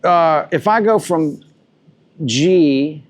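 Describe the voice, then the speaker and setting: A man's voice: fairly high pitch, extremely slow. A man teaching a live guitar masterclass, talking loosely and repeating himself as he thinks aloud between demonstrations. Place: room with a live audience. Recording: guitar music loud behind the voice.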